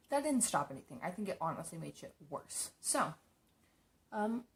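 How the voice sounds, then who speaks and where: A young woman casually telling stories while doing her makeup, chatty and rambling, swearing freely. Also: on the low side. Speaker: makeup streamer.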